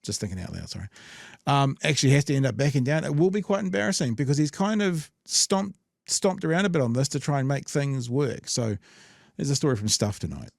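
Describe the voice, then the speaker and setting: A man's voice: medium pitch, brisk, vocal fry, no room sound. New zealand man, host, rambling jokey talk, dry close mic. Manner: rambling, jokey asides, reads from news. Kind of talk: casual political commentary.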